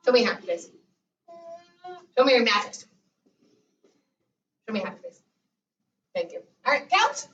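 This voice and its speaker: A woman's voice: a little high, sing-song, measured pace, pauses often, fairly bright tone. A woman kindergarten teacher leading a call-and-response lesson, drawing out sounds and prompting children in a sing-song way. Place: school classroom, indoors. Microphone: far camera in the room. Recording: echoey, muffled, noisy room recording from far off.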